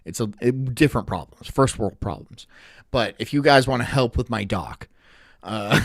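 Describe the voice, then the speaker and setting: A man hosting a live stream, reacting to clips in an animated way and swearing often. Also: medium pitch, normal speed, no echo, studio quality. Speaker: streamer host.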